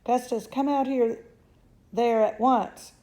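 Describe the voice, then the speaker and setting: A woman voicing a frantic, shrieking middle-aged mother with a shrill, hysterical manner. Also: slow pace, vocal fry, warm tone.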